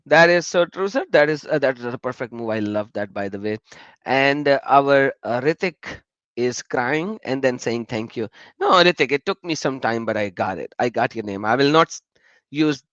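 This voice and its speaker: A man's voice: mid-range voice, dry recording, muffled recording. A man hosting a live stream in casual chat, telling stories animatedly and talking to viewers in the chat. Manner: animated, laughing storyteller who addresses chat viewers.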